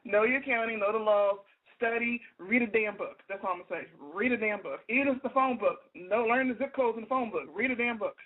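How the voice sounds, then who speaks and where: A woman co-hosting a comedic radio chat show, blunt and sassy, leaning hard on each point. Her voice sits high and comes through narrow and phone-like. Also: fairly quick, few pauses. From United States.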